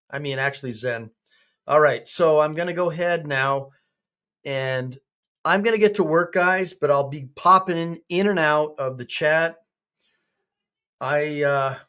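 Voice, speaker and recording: A man's voice: on the high side, fairly bright tone. Rambling, joking man hosting a stream. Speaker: attorney and livestream host. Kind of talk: casual livestream chat.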